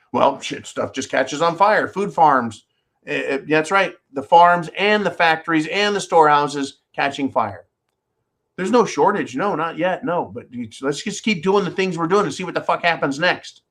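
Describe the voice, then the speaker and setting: A man hosting his own channel, delivering a profane, sarcastic political rant with sudden jumps in pitch and volume. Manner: loud swings in pitch and volume. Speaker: channel host.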